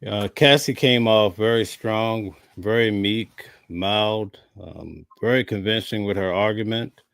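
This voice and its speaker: A man with a low voice gives measured impressions on a livestream panel. He lists his points in short phrases, and his sound is dry and close. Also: creaky, a bit bright, clean tone, dry recording. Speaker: panelist, courtroom observer. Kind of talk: casual panel discussion.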